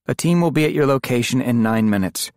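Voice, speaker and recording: Man putting on a crisp female operator. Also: mid-range voice, animated, brisk, darkish tone, no echo, clean studio sound, pitched above the performer's own voice, natural voice. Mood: businesslike. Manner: clipped, businesslike.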